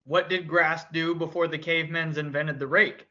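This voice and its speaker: A man's voice: fairly high pitch, steady tone, normal speed, sharp tone, highs cut off. A man co-hosting a casual podcast chat, joking and swearing with mock stubbornness. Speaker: podcast co-host.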